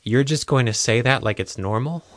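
A man's voice: mid-range voice, normal speed, a bit bright, no room sound, clean studio sound, natural voice. A male audiobook narrator voicing a distraught, tearful young man who talks in a choked, trembling way and swears.

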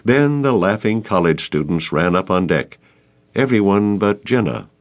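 Male audiobook narrator, low voice, very lively delivery. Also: normal speed. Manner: expressive, storytelling. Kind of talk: scripted narration.

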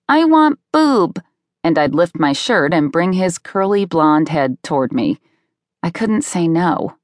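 A woman's voice: deep voice, no room sound. A woman narrating a memoir audiobook in a wry first-person reading. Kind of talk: scripted narration. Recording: dry close studio sound.

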